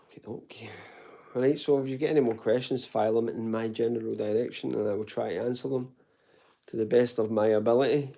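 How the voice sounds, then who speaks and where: A gravelly, dark-toned male voice in the mid range, with fairly even intonation and a slightly fast pace. He's a fitness channel host from Glasgow answering live chat in a relaxed Q&A at home, speaking informally, addressing people as "mate" and letting the odd swear slip. His Glaswegian Scottish accent is there but toned down.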